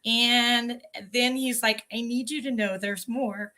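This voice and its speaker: A woman's voice: on the high side, fairly even intonation, slow pace, bright, forceful tone. A woman in her forties, a podcast guest telling an emotional personal story earnestly, with many fillers.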